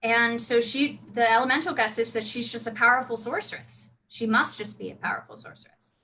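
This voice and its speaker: A woman's voice: fairly high pitch, a little fast, pushed and bright, slight background noise, poor audio. A woman casually telling her role-play character's backstory, chatty with many restarts. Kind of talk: casual storytelling.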